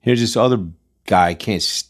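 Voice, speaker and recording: A man's voice: lowish voice, moderate pace. A man hosting a commentary channel, ranting in a blunt, combative, slangy way and repeating his points. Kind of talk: casual commentary rant.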